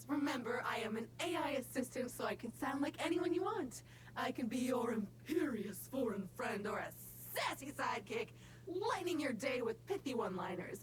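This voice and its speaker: An actress voicing a cheerful female AI assistant in a video game, speaking in bright, helpful patter. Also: high-pitched, background noise.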